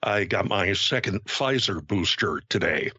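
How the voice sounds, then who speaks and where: A man in his fifties chatting on a podcast, speaking haltingly with many restarts. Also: sits low, expressive, sharp tone, slightly rough, dry recording. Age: 50s. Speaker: podcast co-host. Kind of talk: casual podcast chat. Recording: dry, dull lo-fi sound.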